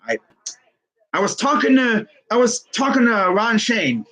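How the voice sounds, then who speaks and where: Excitable young man streaming sports. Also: high-pitched, unhurried, poor audio. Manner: excitable, rambling, laughs often. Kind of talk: casual livestream sports commentary.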